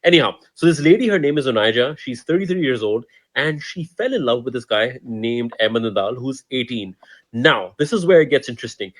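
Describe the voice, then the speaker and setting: A man from Pakistan, casually retelling a news story, animated and laughing often. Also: medium pitch, brisk. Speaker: commentator.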